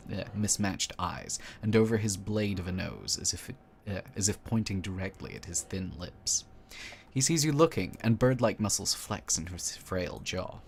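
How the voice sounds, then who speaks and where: A man's voice: on the low side, a little hiss or hum. A man reading game text aloud, breaking off for sardonic, swearing jokes. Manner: sardonic, swearing, joking asides. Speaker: let's play host.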